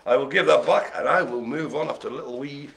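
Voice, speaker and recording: A man's voice: medium pitch, fast talker, vocal fry, fairly bright tone, soft background music. A man hosting a live bingo game, cracking puns, laughing often and rambling in chatty asides. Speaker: bingo host. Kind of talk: live-streamed bingo calling.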